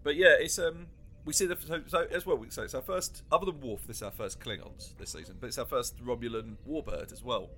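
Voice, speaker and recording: An English man co-hosting a podcast, talking in a halting, animated way and laughing a lot. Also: medium pitch. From England. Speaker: podcast co-host. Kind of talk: casual chat.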